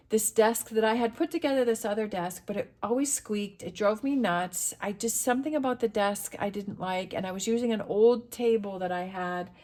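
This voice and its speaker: A woman's voice: mid-range voice, a little mellow. A middle-aged woman reading tarot to camera, talking in an earnest, motivational way and repeating her phrases for emphasis. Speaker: tarot reader.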